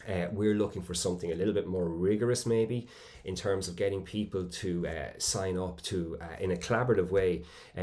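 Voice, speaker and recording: A man presenting at a conference, speaking in a measured way with frequent fillers and restarts. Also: low-pitched, darkish tone.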